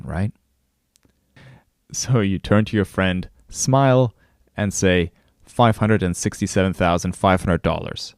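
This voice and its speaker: A man's voice: lowish voice, darkish tone, no room sound, studio quality. A male course instructor narrating a recorded lesson, telling a story and speaking straight to the listener. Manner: storytelling, addresses the listener directly.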